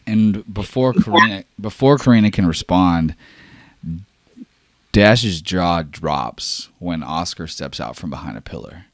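Low-voiced man narrating a tabletop game. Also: expressive, a little slow, no echo. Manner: casual, swears freely, filler-heavy. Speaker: game master.

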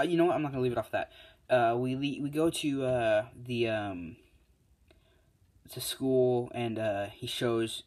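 A man casually retelling a fan-made story as a YouTuber, rambling with lots of fillers and self-corrections. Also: medium pitch.

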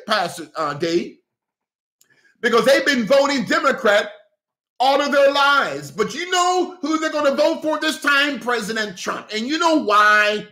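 A man hosting a heated political livestream, animated and breaking into shouts, thanking viewers for gifts. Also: extremely high pitch. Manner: animated, breaks into shouts, repeats okay, coughs. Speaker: livestream host addressing viewers as pastors. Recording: echoey room.

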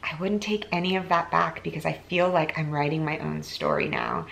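Bright-toned emotional vlogger woman. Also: lowish voice, big pitch swings, normal speed, vocal fry, few pauses. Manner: earnest, tearful, chatty with laughs. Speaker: YouTuber and influencer. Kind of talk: emotional to-camera vlog.

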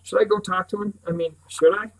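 A man's voice: high voice, steady tone, brisk, creaky, fairly bright tone, pitched above the performer's own voice, low-quality recording. A man voicing an anxious, wry teenage girl, earnest and questioning, in an audiobook.

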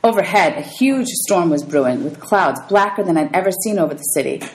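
Woman, teacher, read-aloud of a novel for students; lowish voice, pitch goes up for the dialogue. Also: lively intonation, a little fast, poor audio. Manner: reads dialogue with raised pitch for characters, calls out page numbers.

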